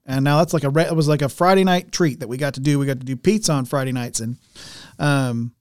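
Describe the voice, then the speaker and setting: A man's voice: medium pitch, steady tone, fast talker, smooth, no room sound, clean studio sound. A man hosting a podcast, telling a family story in a loose, rambling way with many restarts and laughs. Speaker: podcast host. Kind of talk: casual chat and news reading.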